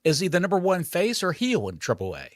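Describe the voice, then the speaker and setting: A man co-hosts a wrestling podcast in an excitable, joking way. His voice sits at a middling pitch but swings lively up and down. The recording is dry and close. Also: fast, no echo. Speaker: podcast co-host. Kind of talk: casual chat.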